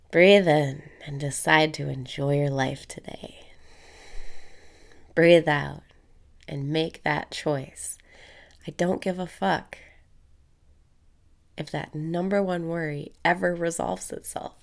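Low gravelly woman guiding meditation. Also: slow pace, long pauses. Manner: calm, repeats breathing cues, drops into breathy whispers; blunt, casual swearing. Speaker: meditation guide. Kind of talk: guided meditation.

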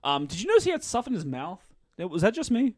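A man with a Boston accent talking quickly and excitedly about a film, his sentences tumbling out full of fillers and restarts. His slightly high voice sits dry and close to the mic. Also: dry recording. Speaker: podcast co-host. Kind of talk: casual movie review chat.

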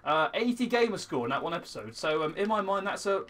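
A young man hosting a gaming video, excitable, swinging from frustrated muttering to loud shouting at the game. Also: high voice, fast. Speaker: gaming channel host. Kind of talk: let's play commentary.

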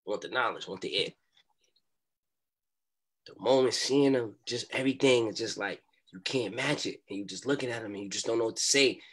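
A young man telling a story as a podcast guest, in animated street talk and acting out what people said. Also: mid-range voice, a little fast, breathy edge. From New York.

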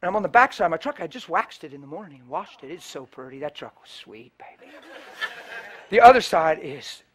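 Animated high-voiced male preacher. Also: fairly quick. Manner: animated storyteller, acting out both sides of phone calls. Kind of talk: storytelling sermon. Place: church before a live congregation.

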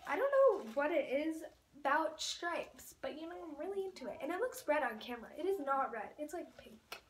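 A woman's voice: sits high, sing-song, normal speed. A teenage girl chatting casually through a haul video, gushing and rambling with lots of fillers. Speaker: vlogger. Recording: roomy echo, off-mic, faint noise.

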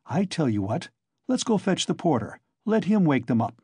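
A man's voice: fairly high pitch, sing-song, normal speed, mellow, husky, dry recording. A man reading the part of an impatient, grumbling middle-aged visitor waiting at a locked door, as an audiobook reader.

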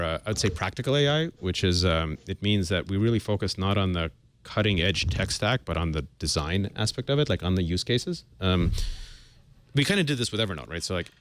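A man's voice: low voice, a bit bright, no echo. A man in his forties, a tech founder guest, talking earnestly with many fillers and restarts. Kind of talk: casual panel interview.

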